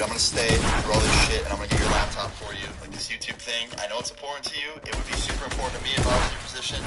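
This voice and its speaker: A man's voice: medium pitch, poor audio. A young man casually telling a personal story for his video channel, rambling and swearing, with lots of "like" fillers. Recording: loud background noise.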